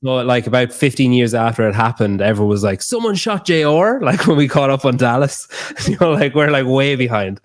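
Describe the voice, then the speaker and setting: A man's voice: mid-range voice, steady tone, fairly quick, dry recording, clean studio sound. A young Irish man chatting casually, rambling and swearing freely, laughing often. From Ireland. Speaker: guest. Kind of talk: casual chat.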